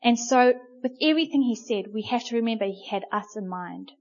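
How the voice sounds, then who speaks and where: During her sermon, a female preacher tells stories in an animated, conversational way, stopping frequently on small filler words. She has a fairly high voice, heard through muffled, lo-fi audio.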